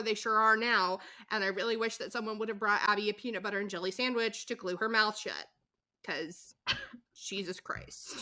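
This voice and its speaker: A woman's voice: mid-range voice, sharp tone. A woman co-hosting a podcast, recapping a TV show in casual chat, candid and exasperated, swearing and laughing as she goes. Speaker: podcast co-host recapping episodes.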